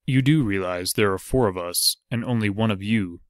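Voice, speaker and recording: A blunt, suspicious outlaw leader hides under his cowl and barks his questions, as a man reads him. The voice sits low and close, with a dry, deadened sound. He talks in short, demanding bursts. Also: moderate pace, no echo, natural voice. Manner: curt and demanding.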